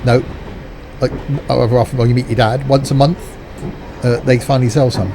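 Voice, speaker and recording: A man chats casually through a live game stream, trading jokey, teasing banter with his viewers. His voice is mid-pitched with a mellow, relaxed tone. Faint background noise sits under the speech. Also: brisk. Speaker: streamer playing a train simulator.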